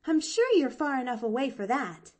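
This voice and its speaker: A woman's voice: high voice, very animated, normal speed, a little mellow, voice pushed up. A woman reading an audiobook, voicing a cheerful, chattering little girl who rambles breathlessly.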